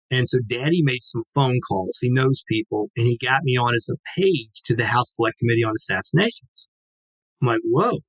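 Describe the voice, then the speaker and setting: A man's voice: medium pitch, no room sound, poor audio. A man in his sixties, a guest on a talk show, telling a story in a casual way. He acts out what people said to him and swears now and then. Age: 60s. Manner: lively, acts out quoted dialogue, swears casually.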